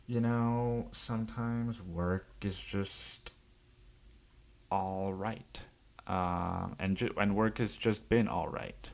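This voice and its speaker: A man hosting a solo podcast, rambling casually and swearing often with self-amused laughs. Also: sits low. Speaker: podcast host.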